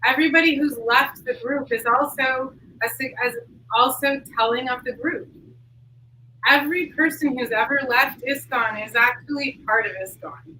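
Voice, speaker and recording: A woman's voice: sits high, moderate pace, bright, forceful tone. A woman talking candidly as an interview guest, earnest and leaning on "like" as a filler. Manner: earnest, heavy use of "like" fillers. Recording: distant mic with faint noise.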